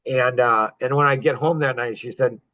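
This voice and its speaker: A man in his fifties spins stories for a podcast, boastful and joking. He laughs often between his lines, and his voice sits at a middle pitch. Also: fairly even intonation, normal speed, pushed and bright. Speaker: podcast guest. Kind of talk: casual storytelling.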